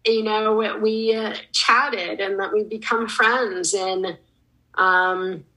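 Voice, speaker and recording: An earnest woman gives encouraging advice as a podcast guest. She speaks very slowly, with a bright and forceful edge to her voice, and fills her pauses with "um". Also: medium pitch, fairly even intonation, poor audio. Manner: slow, earnest and encouraging, with many "um"s. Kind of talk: casual podcast interview.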